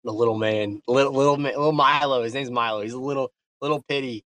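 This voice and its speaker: A man's voice: mid-range voice, fairly even intonation, fast, a bit bright. A man speaking casually on an online community call, effusive and often restarting his words. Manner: hesitant, repeats words, effusive. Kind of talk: casual chat.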